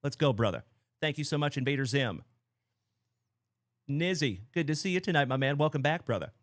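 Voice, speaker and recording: A man in his thirties hosting a card-break livestream, chatting casually, excitedly shouting out viewers by name. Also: fairly high pitch, a little fast, no room sound, studio quality.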